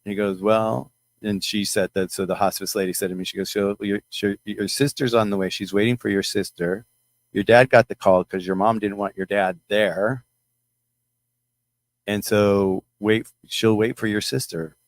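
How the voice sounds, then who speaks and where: A middle-aged man telling a personal story to his followers in a rambling, halting way, with many restarts. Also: fairly low pitch, fairly even intonation, dry recording. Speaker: channel host.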